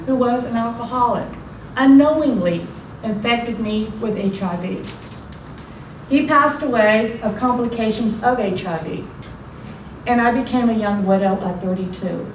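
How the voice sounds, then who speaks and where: A woman in her forties delivers a motivational contest speech in a high voice, with a theatrical, emphatic delivery. She is recorded from the back of an echoey club room, so her voice sounds distant. Background noise runs underneath. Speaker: contest speaker. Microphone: far room mic. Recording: echoey room from far off, noisy.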